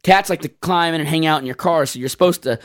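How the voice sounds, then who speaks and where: A man's voice: on the high side, fast, no room sound, clean studio sound. A man telling rambling stories in casual chat, cursing and laughing often.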